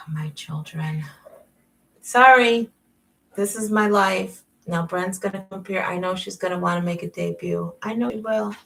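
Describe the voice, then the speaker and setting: A middle-aged woman talks on a casual home live stream. She is chatty and self-mocking, with a low voice and a gravelly edge. The mic sits some way off from her, so she sounds distant. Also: steady tone, a little slow, fairly bright tone. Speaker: life coach and author. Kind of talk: casual live-stream chat and book reading. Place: at home at night.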